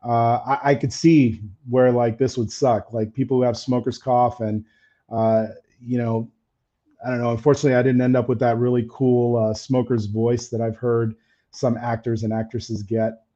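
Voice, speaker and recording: Male stream host, easygoing and candid, slightly faded mellow voice, dull audio. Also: medium pitch, little pitch movement, moderate pace. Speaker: camera-gear channel host. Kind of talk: casual live stream chat.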